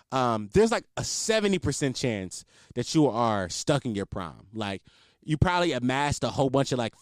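A man's voice: medium pitch, darkish tone, no room sound, studio quality. A young man hosting a solo show, ranting in a blunt, profane, mocking way. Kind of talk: casual comedic rant.

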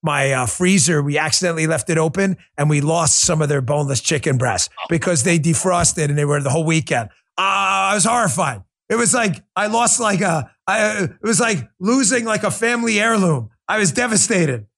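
A man's voice: fairly high pitch, normal speed, few pauses. A man hosting a political talk show, reading ads casually and ranting with rising emphasis. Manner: animated, emphatic, rising to near shouting; conversational ad read. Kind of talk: live political talk and ad reads.

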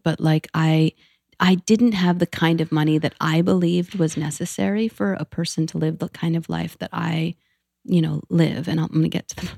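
Low gravelly woman, candid storyteller. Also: no room sound, clean studio sound. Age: 30s. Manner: candid, profane, animated storytelling. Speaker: podcast guest. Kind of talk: casual podcast conversation.

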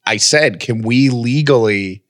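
A radio host chatting casually and telling a story with many restarts, nursing a lingering cough. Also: male voice, medium pitch, unhurried, a bit bright, dry recording, studio quality. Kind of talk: casual chat.

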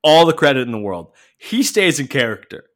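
A man hosting a podcast, telling a story in an animated, profane, casual way. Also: medium pitch, brisk. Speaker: podcast host. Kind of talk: casual chat.

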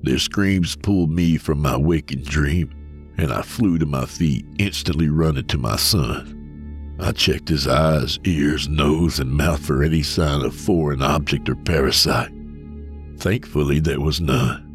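A man narrating a first-person horror story in a calm, measured way. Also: a bass voice. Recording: soft music under voice.

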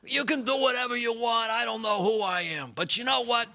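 A man's voice: extremely high pitch, a little fast, gravelly, sharp tone, no echo, pitched above the performer's own voice, exaggerated voice. A man doing a comic impression of a famous older male scientist, playing him as a boastful, streetwise tough guy over a video call. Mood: cocky.

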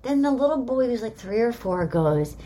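Animated woman hosting a chatty podcast. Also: fairly high pitch, moderate pace. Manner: animated storyteller, acting out what people said. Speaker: podcast host. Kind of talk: casual chat recapping a reality show.

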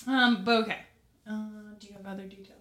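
A woman's voice: mid-range voice, steady tone, quick pace, fairly bright tone. A young woman hosting a podcast into a microphone, chatting casually about a book, laughing often and mockingly voicing characters. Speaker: podcast host. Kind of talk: casual book discussion chat.

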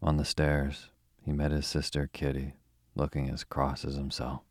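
A man's voice: extremely low pitch, normal speed, hardly any pauses, no room sound, studio quality. A man hosting a bedtime story show, chatting informally and then reading a story aloud in a soothing way. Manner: relaxed, informal. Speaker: bedtime story podcast host.

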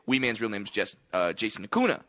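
A male comedian telling a story in casual chat, animated and swearing freely. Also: lowish voice, quick pace, no echo.

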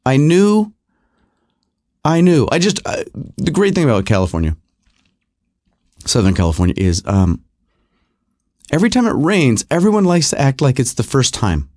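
A man's voice: mid-range voice, very animated, brisk, darkish tone, no room sound, studio quality. A middle-aged man hosting his own podcast from his garage, rambling through a wry, self-deprecating casual monologue. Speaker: podcast host. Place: home garage.

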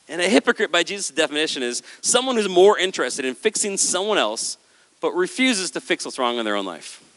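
A man preaching a sermon on stage with a handheld microphone, animated and acting out the voices of listeners and Jesus. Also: fairly high pitch. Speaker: pastor. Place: large hall with a stage. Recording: hall with long reverb.

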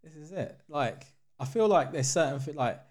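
A man's voice: on the high side, expressive, a little mellow. A man, co-hosting a podcast in casual chat and mostly agreeing with his co-host. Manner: agreeable, quick backchannel, laughs along.

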